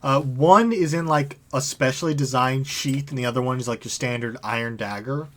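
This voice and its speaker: A man's voice: medium pitch, brisk. A young man narrating as game master in a tabletop game, casual and filler-heavy.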